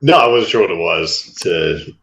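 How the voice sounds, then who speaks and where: Co-host, early thirties, man, dry and deadpan, sits a little low in pitch. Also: normal speed, vocal fry. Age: 30s. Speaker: podcast co-host. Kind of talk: casual podcast chat.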